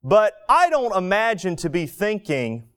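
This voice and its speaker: Lively, animated male preacher. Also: high-pitched, measured pace, clear, resonant tone. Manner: vivid storytelling, acting out inner thoughts. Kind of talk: expository sermon.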